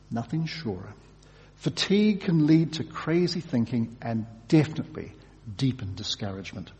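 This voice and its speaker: A male pastor delivers a sermon with a lively, animated pitch that rises for emphasis and drops almost to a hush. His voice rings out with a long reverb from a large hall. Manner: expressive, shifts from loud emphasis to hushed.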